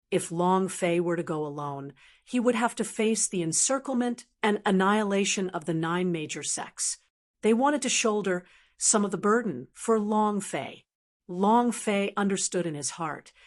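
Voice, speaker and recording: A woman narrating a translated fantasy novel as an audiobook in a steady reading voice. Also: medium pitch. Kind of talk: scripted narration.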